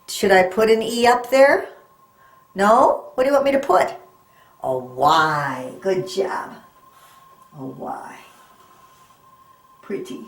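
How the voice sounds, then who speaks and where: A woman's voice: mid-range voice, big pitch swings, slow pace, long pauses. A woman teaching a phonics lesson to young children, sounding words out letter by letter and coaxing them with questions. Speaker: reading teacher. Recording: echoey room.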